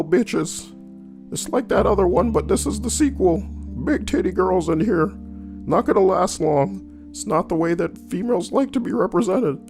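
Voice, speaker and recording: A man putting on a high, babbling voice as a nosy, fussy suburban neighbor in a comic bit. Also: creaky, darkish tone, exaggerated voice. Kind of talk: comic impression in a stream.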